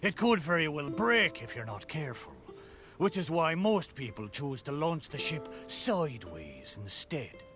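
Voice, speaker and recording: A bright, friendly ship spirit. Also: male voice, a little high, big pitch swings, unhurried, exaggerated voice. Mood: reminiscing. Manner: wistful, with hearty pirate exclamations. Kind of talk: video game voice acting. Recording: game audio with faint music.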